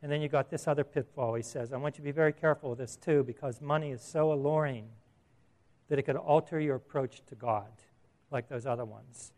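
A man's voice: mid-range voice, fairly quick, a little mellow. A middle-aged man preaching a sermon as a pastor, earnest and emphatic, asking his listeners questions.

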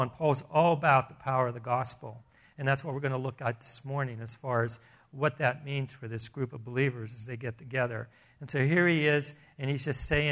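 A man's voice: on the high side, fairly bright tone. A man preaching a sermon in a church, earnest and conversational, often restarting his sentences. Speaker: pastor.

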